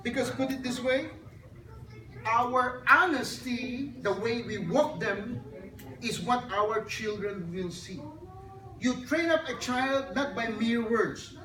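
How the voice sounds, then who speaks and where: Earnest woman speaker, sermon-like talk, slightly high voice, distant mic. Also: measured pace. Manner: earnest, storytelling, addresses audience directly. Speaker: speaker at a child dedication. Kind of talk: sermon-like talk with a joke story. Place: hotel function hall. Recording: echoey hall, distant mic, background noise.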